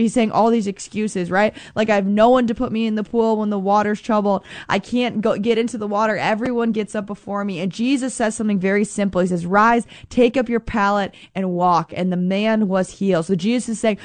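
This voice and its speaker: A young adult woman reading a Bible passage, then teaching on it in a conversational, earnest way, slowing down for emphasis. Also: on the high side, steady tone, no room sound. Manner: earnest, conversational, slows for emphasis, acts out quoted voices.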